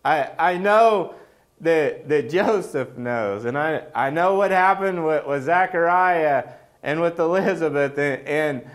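A man's voice: on the high side, slow, voice pushed up. A man doing a giddy, overjoyed angel. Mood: eager. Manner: excited, breathless, bursting to share news. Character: eager, overjoyed male angel messenger. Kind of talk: sermon storytelling.

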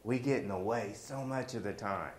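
A man's voice: fairly low pitch, moderate pace, reverberant, slight background noise. A man preaching a sermon in a folksy, joking way, weaving personal stories into his message.

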